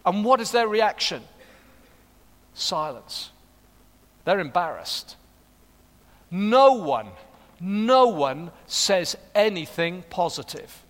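High-voiced pastor in reverberant hall. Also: male voice, sing-song, slow pace, pauses often. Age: middle-aged. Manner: earnest, building to fervent appeals. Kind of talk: sermon. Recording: long reverb of a large hall.

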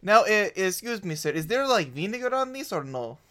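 A man playing in a tabletop game, arguing in character. His voice is high and very bright, and he argues his point with laughter breaking through. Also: big pitch swings, a little fast, clear, resonant tone. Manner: argumentative, laughing. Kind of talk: in-character role-play.

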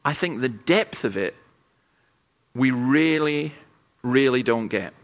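A man preaches a sermon at a church camp, talking through stories with a chatty, aside-filled manner. His voice sits at an ordinary middle pitch. The recording sounds dull and muffled, like a modest lo-fi capture of the talk. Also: lively intonation, slow pace. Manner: conversational storytelling with asides.

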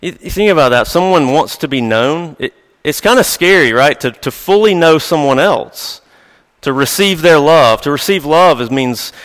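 A man's voice: a little high, expressive, moderate pace, fairly bright tone. A male pastor giving a sermon in a conversational, storytelling way with light chuckles, recorded in a church sanctuary. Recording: long reverb of a large hall.

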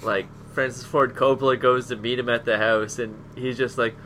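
A man co-hosting a podcast talks in an animated, storytelling way, slipping into quick impressions and laughing along. His voice is bright and forward. A faint hum sits behind him. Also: medium pitch. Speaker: podcast co-host. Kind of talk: casual chat.

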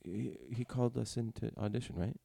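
A man's voice: mid-range voice, brisk, vocal fry, warm tone, no room sound, clean studio sound. A man co-hosting a comedy podcast and reading listener mail, wry with fumbling asides. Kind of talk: casual comedic banter.

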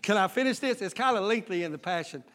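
Bright-voiced preaching pastor, man. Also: high-pitched, expressive, fast. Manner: preaching with sudden shouted surges and folksy Southern-style talk. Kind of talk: sermon.

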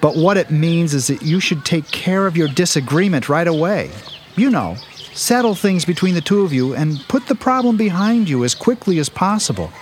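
A man playing a gentle, patient father who calmly explains and reassures, in a family audio drama. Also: fairly high pitch, moderate pace, a little hiss or hum.

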